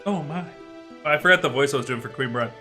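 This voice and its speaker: A man's voice: mid-range voice, fast talker, pushed and bright, faint music behind. A man streaming a game, chatting animatedly with lots of fillers. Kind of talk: game let's play commentary.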